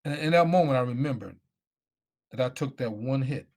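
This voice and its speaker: A man's voice: medium pitch, moderate pace, darkish tone. A middle-aged man, a former football player, telling his life story as a guest speaker, emphatic and repeating himself. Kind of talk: personal storytelling.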